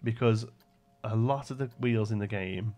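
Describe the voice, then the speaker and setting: A man's voice: lowish voice, normal speed, warm tone, soft background music. A young man live-streaming a building game, thinking aloud and chatting with viewers between frequent fillers. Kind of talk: casual live-stream commentary.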